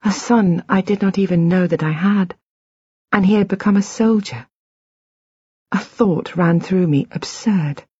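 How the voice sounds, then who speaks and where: A woman narrating a novel in the first person, with a measured, intimate reading. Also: medium pitch, dark tone, breathy edge, dry recording, lo-fi sound. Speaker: audiobook narrator.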